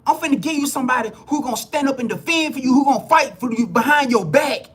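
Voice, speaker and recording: A man's voice: extremely high pitch, fast talker, fairly bright tone, slightly rough. A man giving a live spiritual reading to viewers, blunt and preachy, swearing freely and repeating himself as he builds emphasis. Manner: repeats words and restarts phrases when heated. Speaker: spiritual reader.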